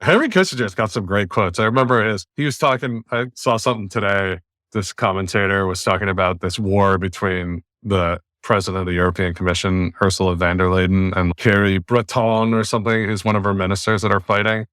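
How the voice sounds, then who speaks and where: A man's voice: low-pitched, steady tone, brisk, a bit bright, no room sound, studio quality. An American man hosting a podcast, speaking bluntly and emphatically in long runs of argument over a remote call. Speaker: podcast host. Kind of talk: opinionated casual podcast talk.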